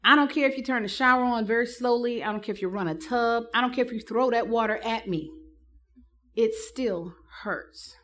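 Bright, lively woman giving a talk. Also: fairly high pitch, moderate pace. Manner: lively, humorous storytelling with acted-out quotes. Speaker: speaker teaching counselors. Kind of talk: live talk to an audience.

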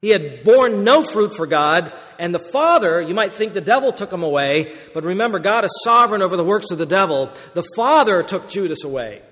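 A man's voice: sits high, lively intonation, fairly quick, few pauses, a bit bright, long reverb tail. A man preaching an earnest, explanatory sermon, stressing key words.

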